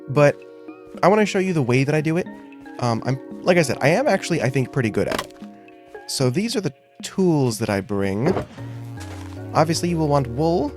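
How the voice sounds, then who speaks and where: A man hosting a gaming video, casually talking through his gameplay, joking about himself and thinking out loud. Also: fairly high pitch, big pitch swings, normal speed, faint music behind. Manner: chatty, self-joking, thinking aloud.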